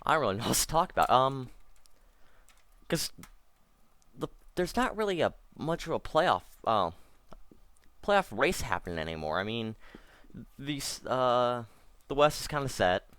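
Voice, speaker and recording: A man's voice: medium pitch, sing-song, unhurried, pauses often, fairly bright tone, clear, resonant tone, dry recording. A man doing casual let's-play commentary, rambling and correcting himself, with wry asides. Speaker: gameplay commentator.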